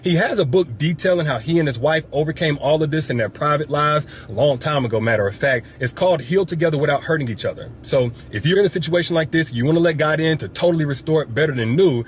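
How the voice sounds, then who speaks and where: A man speaking earnestly in a mock-sincere statement that turns into a sales pitch. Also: fast talker, hardly any pauses, a little hiss or hum. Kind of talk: parody sponsored pitch.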